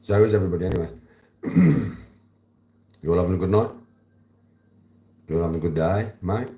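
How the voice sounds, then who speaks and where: This young Birmingham livestreamer has a low, warm voice and talks fairly quickly, greeting viewers by name as he reads their messages. His chat is relaxed and full of slang, and the recording is reverberant.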